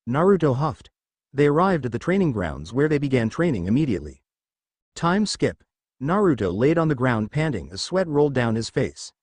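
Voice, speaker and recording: A man with a mid-range voice narrates a fan fiction story in a steady storytelling manner, going a little fast, with no room sound.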